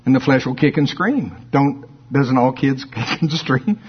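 Brief: middle-aged man preaching, lively and husky, on a dull lo-fi recording. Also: mid-range voice, normal speed. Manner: animated storytelling, playful, acts out voices. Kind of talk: sermon.

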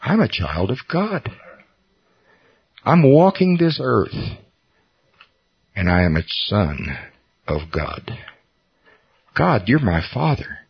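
Husky-voiced preacher man. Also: medium pitch, big pitch swings, slow pace, pauses often. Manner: earnest, personal storytelling with self-deprecating humor. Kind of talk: sermon. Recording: dull lo-fi recording.

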